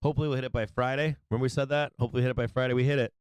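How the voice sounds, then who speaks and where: A man hosting a live stock market stream, giving brash, excitable trader banter as prices move. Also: mid-range voice, racing, smooth, no echo. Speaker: stock market livestream host.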